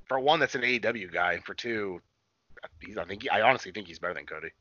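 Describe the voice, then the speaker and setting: Man, bright forceful voice, rambling profane wrestling chat, dull lo-fi recording. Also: fairly low pitch, animated, fast talker, no room sound. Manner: rambling, profane, many fillers and restarts. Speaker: podcast co-host. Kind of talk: casual wrestling recap chat. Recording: dull lo-fi sound.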